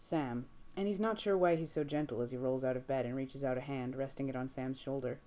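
Low-voiced woman reading fiction. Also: fairly quick, mellow. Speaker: reader.

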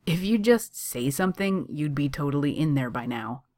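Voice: mid-range voice, expressive, moderate pace, darkish tone, dry recording, close to an everyday voice. A reader playing a male baker who teases his friend wryly. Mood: teasing.

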